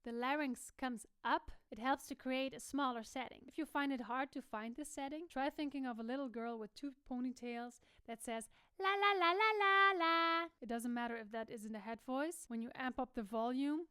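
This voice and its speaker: Young woman, vocal coach, high voice, crisp tone, dry close sound. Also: steady tone, brisk, hardly any pauses, dry recording. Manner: demonstrative, switching between explaining and sung or spoken examples. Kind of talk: singing lesson.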